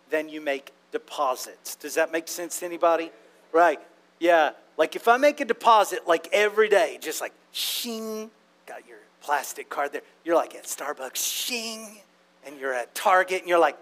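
A man's voice: high voice, a bit bright. A man preaching a sermon in a conversational, playful way, often asking the congregation questions.

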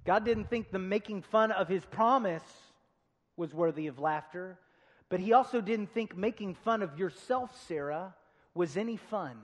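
A man preaching a sermon as pastor, swinging between loud emphasis and quiet asides, with humorous storytelling. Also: high-pitched, lively intonation, normal speed. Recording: long reverb of a large hall.

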